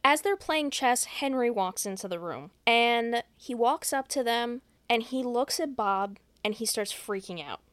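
Woman podcast host, higher voice, dry close mic; casual profane recap, deadpan. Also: a little slow, few pauses, no room sound. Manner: profane, deadpan plot retelling. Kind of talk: casual movie recap chat.

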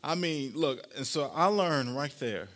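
Higher-voiced man preaching a story. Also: lively intonation, a little slow, fairly bright tone. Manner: storytelling, conversational, playful with the congregation. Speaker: pastor. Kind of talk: sermon.

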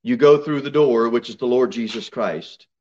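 A man preaching a sermon in a church, reading scripture aloud and building to emphatic, loud, high peaks. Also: normal speed, slight background noise. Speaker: pastor. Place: church sanctuary. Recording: slightly dull church recording.

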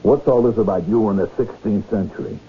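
A man's voice: fairly low pitch, fairly quick, natural voice. An actor as a wary wisecracking con man. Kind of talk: 1970s radio drama acting. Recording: tinny old radio broadcast, faint hiss.

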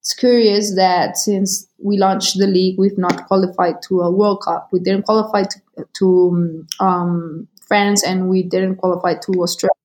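Woman, measured. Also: medium pitch, level tone, darkish tone. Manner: measured, with many filler pauses and tag questions. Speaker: football league executive, guest. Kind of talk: interview answers.

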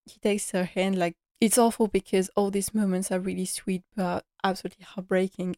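A woman's voice: medium pitch, little pitch movement, brisk, hardly any pauses, warm tone, no room sound, studio quality. A woman giving a casual episode recap in an earnest, emotional way, often saying "like" as she goes. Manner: earnest, emotional, many filler likes. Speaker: TV series recap vlogger.

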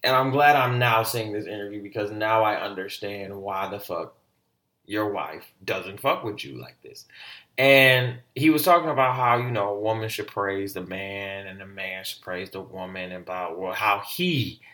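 A man hosting a casual solo podcast, talking in an animated, slangy way with plenty of swearing. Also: on the low side, normal speed. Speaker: podcast host.

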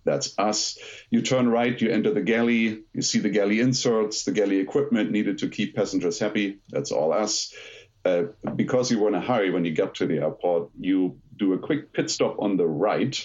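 German-accented guy on a podcast, lowish voice, kinda muffled lo-fi sound, chatty and joking. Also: normal speed. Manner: lively storytelling, self-deprecating humor. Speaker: podcast guest, aerospace lawyer. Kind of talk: conversational podcast interview.

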